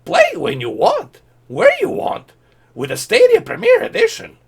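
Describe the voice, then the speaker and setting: Yoda, a man doing a squeaky parody. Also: wildly swooping pitch, measured pace, gravelly, heavily acted. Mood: mocking. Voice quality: very high squeaky falsetto. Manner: mocking parody reading of ad copy. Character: tiny ancient male alien sage, squeaky.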